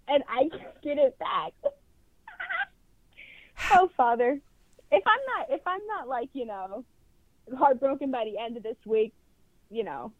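A woman's voice: high-pitched, no room sound. Giggly woman calling in on a tinny phone. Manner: giggly, self-deprecating. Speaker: caller. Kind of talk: phone-in chat.

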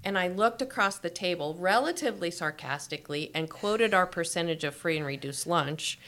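A middle-aged woman from Missouri, a guest author telling a story in an interview with lively, laughing delivery. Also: fairly low pitch, moderate pace. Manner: animated, laughing storyteller acting out quotes.

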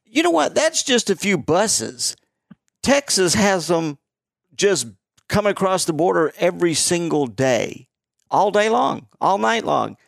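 Host: high-pitched man from Florida, opinionated and emphatic, dry close sound. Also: big pitch swings, a little slow, gravelly, no room sound. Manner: opinionated, emphatic, repeats words. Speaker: podcast host. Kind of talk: casual political chat.

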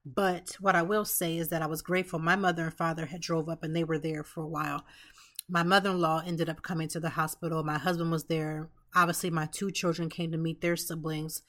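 A woman's voice: low voice, flat delivery, fairly quick, a bit bright. A woman in her thirties, a podcast host, telling an emotional personal story in an earnest way, with restarts and asides.

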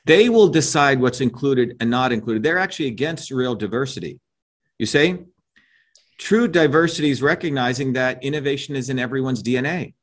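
Brisk and expressive, this middle-aged man's mid-range voice carries an opinionated, lecturing style as an interview guest. He stresses his points and regularly checks in with "right?" and "you see?".

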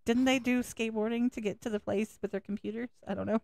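A woman's voice: on the high side, fairly even intonation, fast, creaky, a little mellow, no room sound. A woman hosting a podcast in casual chat, talkative and dotted with "like". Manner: chatty, with fillers like "like".

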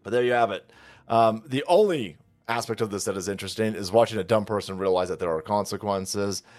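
A man's voice: lowish voice, brisk, a little mellow, faint music behind. A man hosting a reaction video, delivering a profane, mocking comedic rant. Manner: mocking, sarcastic, swears constantly.

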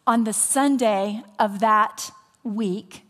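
A woman pastor preaching a sermon, telling a story with animation and dropping into soft, whispered appeals. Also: fairly high pitch, takes it slowly, in a large hall. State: recovering from voice loss.

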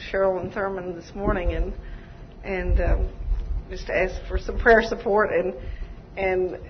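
A woman's voice: medium pitch, lo-fi sound, slight background noise. Hesitant woman giving a church testimony. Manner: hesitant, with many fillers. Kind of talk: spoken testimony.

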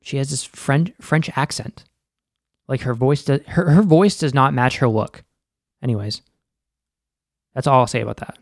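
Speaking at medium pitch and a moderate pace, this young man has a gravelly voice and pauses often. As a film and TV recap host, he gives a casual, profane rundown of a TV episode stuffed with filler words and "like". The studio sound is clean, with no echo.

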